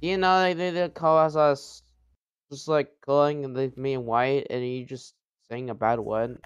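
A man's voice: medium pitch, fairly even intonation, measured pace, clean tone, no echo, muffled recording. A man chatting while gaming with friends, rambling and teasing. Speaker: gamer.

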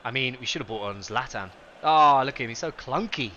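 A young man streaming a football game live, chatting excitedly with viewers and reacting to the match. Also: medium pitch, fairly quick, dull audio, a little hiss or hum. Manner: excitable, chatty, greets chat by name.

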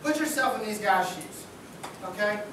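A man delivers a sermon in a loose, joking, buddy-like manner. He is heard from well back in a very echoey church sanctuary, with a steady hum of room noise under him. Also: high-pitched, normal speed. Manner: casual, joking, talks like a buddy. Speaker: preacher. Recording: echoey church hall from far off.

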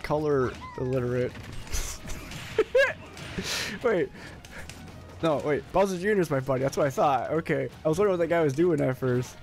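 Male streamer, raspy and gravelly, excitable live gameplay commentary, faint game music under him. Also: on the high side, normal speed, long pauses. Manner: excitable, jokey, sudden yelps and laughs while playing.

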